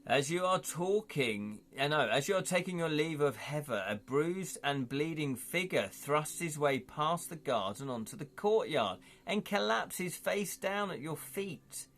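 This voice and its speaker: A man's voice: a little high, lively intonation, unhurried, few pauses, a bit bright. A man from the UK hosting a casual live-stream read-through of an adventure gamebook. He is jokey and rambling, often stops to chat, and stumbles and restarts over words as he reads aloud. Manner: jokey and rambling, breaks off the reading to chat and laugh.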